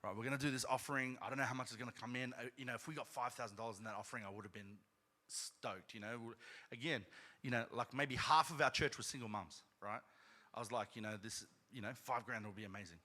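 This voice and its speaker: Male pastor, sermon, chatty storytelling, asks "right?" often, bright forceful tone, long church reverb. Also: medium pitch, quick pace. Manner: conversational, frequent "right?" asides, rising to loud emphatic peaks. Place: church sanctuary.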